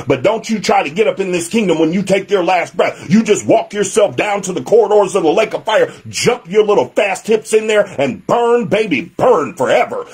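A man's voice: sits high, a little mellow, slightly rough. A man preaching a sermon as pastor, emphatic, with a repetitive preaching cadence. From United States.

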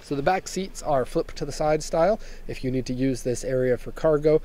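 A man's voice: fairly high pitch, a little fast, dark tone, slight background noise. Chatty man rambling through a car walkaround. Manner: chatty and rambling, with jokey tangents. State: slightly hoarse from a recent illness. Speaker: car import dealer and reviewer. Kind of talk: casual walkaround car review. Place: inside a parked minivan.

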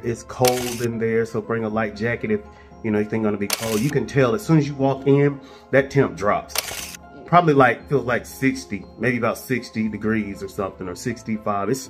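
Man, casual travel vlogger, joking storyteller, light music under. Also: lowish voice. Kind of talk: casual chat.

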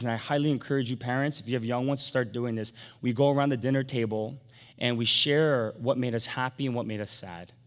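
A middle-aged pastor delivering a sermon in a big church sanctuary, his voice trailing off into a long hall reverb. His pitch sits in a middle range for a man. He is animated, pushing up to emphatic peaks and then dropping to hushed, gentle storytelling.

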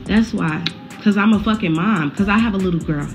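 A woman's voice: mid-range voice, a little fast, music in the background. A woman, talking bluntly and heatedly straight to her viewers in a casual vlog update, swearing freely. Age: 20s. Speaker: social media creator caring for a neighbor's child.

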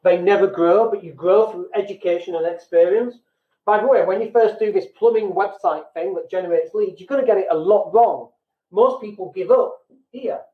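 A man's voice: high voice, a little fast. A British man hosting a business podcast, talking bluntly and casually and poking fun at himself. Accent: British English. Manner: blunt, self-deprecating, acts out quoted people. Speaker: podcast host. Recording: echoey room, tinny phone-like sound.

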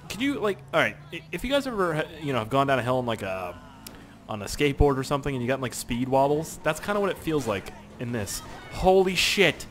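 A young man giving casual, excitable gameplay commentary, swearing and laughing as he plays. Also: medium pitch, a little hiss or hum. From Canada. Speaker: gaming YouTuber.

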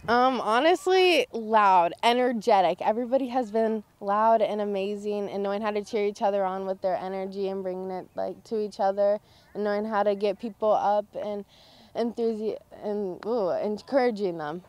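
A teenage girl who pitches for her high school softball team, talking excitedly in a post-game interview and filling her answers with "like" and "honestly". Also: normal speed, no room sound. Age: teens.

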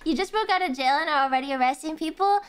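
A young woman streamer casually reacting, giggling often and swearing freely in an animated way. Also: high-pitched, fast talker.

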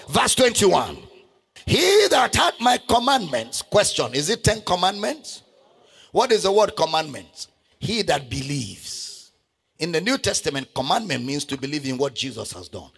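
A man preaching a sermon as pastor, shouting and half-singing scripture verses with great passion. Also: a little high, very animated, a little slow, creaky, breathy edge. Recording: long hall reverb with faint music.

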